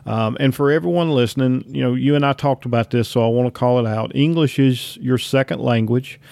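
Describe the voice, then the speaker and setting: A man with a Southern US drawl hosts a relaxed interview, talking in long, looping sentences full of restarts. His voice sits at an everyday pitch, and the recording is dry and close with no room sound. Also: a little fast, gravelly, no echo. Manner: chatty, rambling with many restarts. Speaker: podcast host. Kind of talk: casual interview.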